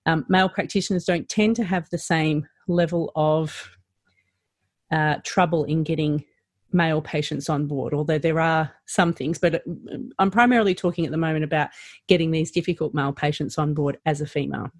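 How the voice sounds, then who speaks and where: Woman practitioner, low-ish voice, chatty podcast guest, dead-dry mic. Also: moderate pace, no room sound. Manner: animated, rising and falling pitch, lots of fillers. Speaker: practitioner educator. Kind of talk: podcast conversation.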